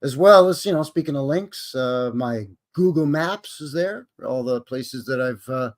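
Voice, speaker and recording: A man's voice: mid-range voice, lively intonation, a little slow. A man with a Canadian accent hosting a live stream, greeting his chat in a jokey, folksy way. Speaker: livestream host.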